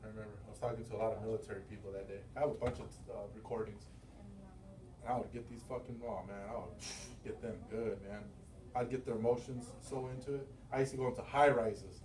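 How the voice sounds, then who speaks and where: Middle-aged male sales boss, loud storyteller, room echo, mic off at a distance. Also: on the low side, fast, crowd noise. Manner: animated storytelling, acting out quotes; loose, profane, laughing often. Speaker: sales manager and business owner. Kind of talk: motivational team meeting talk. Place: meeting room. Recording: roomy, from far off the mic.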